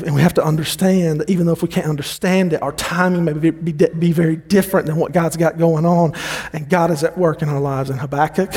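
A man in his thirties preaching a sermon, animated and given to repeating words as he builds a point. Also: on the high side, husky, in a large hall. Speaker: pastor.

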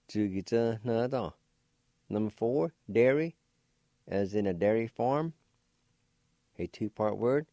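A man hosting a radio language lesson, slowly spelling words and patiently repeating each pronunciation. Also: fairly low pitch, expressive, dark tone, dry recording, clean studio sound. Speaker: language teacher and radio host. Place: radio studio.

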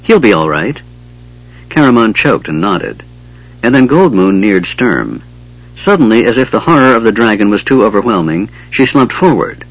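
A man narrating a fantasy audiobook in a measured, dramatic storytelling manner. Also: fairly low pitch, very animated, dull audio.

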